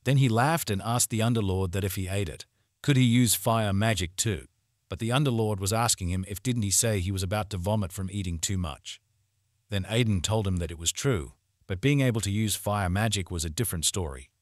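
A man with a deep, low voice retells a fantasy story scene by scene in reported speech. His narration is plain and steady. It is recorded close, in a dry room with no echo. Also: a little fast. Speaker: recap narrator. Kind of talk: scripted story recap narration.

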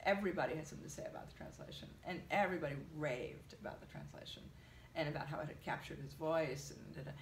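Low-voiced woman telling a story. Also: fast, roomy sound, slight background noise. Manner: animated storytelling, many fillers. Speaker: translator, interviewee. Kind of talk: conversational interview.

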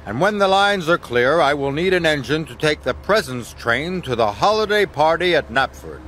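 A commanding railway boss who booms his orders, as a man puts him on. His voice sits a little above the narrator's and moves with plenty of life. This is a children's cartoon. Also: expressive, normal speed, a bit bright, a little hiss or hum. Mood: stern. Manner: booming, firm and commanding. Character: stern portly male railway boss.

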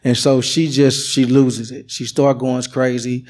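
A middle-aged man tells his story to a church congregation, earnest and openly emotional. His voice sits at an ordinary pitch for a man, and he speaks plainly like someone sharing a testimony. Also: little pitch movement, unhurried, darkish tone. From United States. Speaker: church member giving testimony. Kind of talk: personal testimony.

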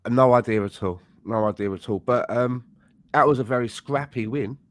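A man from Canada, co-hosting a podcast and talking through a match in a measured, thoughtful way. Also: medium pitch, no room sound. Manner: measured, thoughtful, hesitant with fillers. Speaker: podcast co-host. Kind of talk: casual chat, match analysis.

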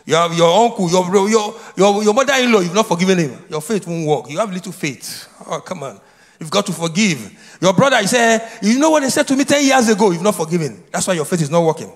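A man preaching a sermon, his voice set high and swinging widely in pitch as he calls out questions for the congregation to answer back. He repeats key phrases over and over. The sound carries a long reverb from a church hall. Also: animated, fast talker. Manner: repetitive, prompts congregation to answer. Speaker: pastor. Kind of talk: sermon with call and response. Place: church sanctuary.

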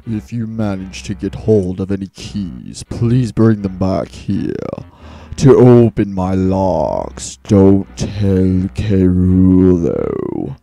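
A man voicing a big, gentle male crocodile in a game, using a deep put-on voice. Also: animated, slow, gravelly, faint music behind, exaggerated voice. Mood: kindly. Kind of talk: reading game dialogue aloud in voices.

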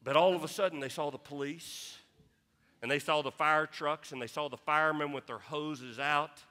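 A man's voice: a little high, steady tone, moderate pace, bright, forceful tone, long reverb tail. A man preaching a sermon as pastor, impassioned, who often repeats himself on restarts. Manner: impassioned, repeats words, quotes scripture. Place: church sanctuary.

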